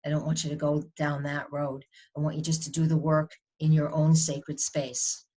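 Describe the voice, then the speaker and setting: A low-pitched woman with a New England accent talks straight to camera as an astrologer, giving her weekly forecast. She speaks conversationally and rambles, often stopping to restart a sentence. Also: flat delivery, moderate pace, dark tone.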